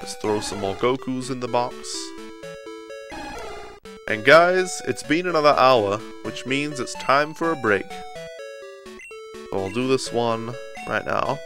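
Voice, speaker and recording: A man's voice: medium pitch, expressive, slow pace, pauses often. A man doing playful live commentary while streaming a video game and joking with his chat. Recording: faint game music behind.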